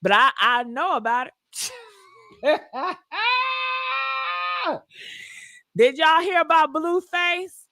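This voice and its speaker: A woman's voice: high voice, lively intonation, moderate pace, pushed and bright, no room sound, studio quality. A woman hosting a casual gossip livestream, talking emphatically and repeating points for emphasis. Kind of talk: casual commentary.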